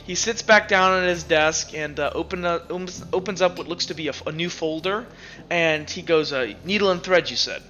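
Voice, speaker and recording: Bright-voiced male game master. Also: on the high side, normal speed, soft background music. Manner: loose, laughing narration with many fillers. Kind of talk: narrating a tabletop game.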